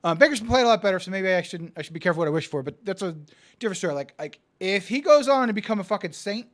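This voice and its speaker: A man co-hosting a casual sports betting chat, excitable and profane, often stammering and restarting, swinging from yelling to muttering. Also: high-pitched, racing. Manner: die-hard team fan, swings from yelling to muttering. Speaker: podcast co-host.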